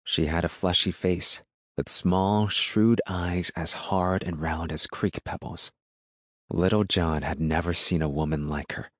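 A man reading a novel aloud as narrator, in a steady, measured storytelling manner. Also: low-pitched, no room sound, studio quality. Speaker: audiobook narrator. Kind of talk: scripted narration.

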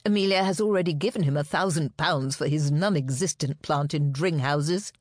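A woman voicing a bold, cheerful female private detective in an audiobook, with a brisk, sarcastic manner. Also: sits low, a little mellow, dry recording. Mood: explaining.

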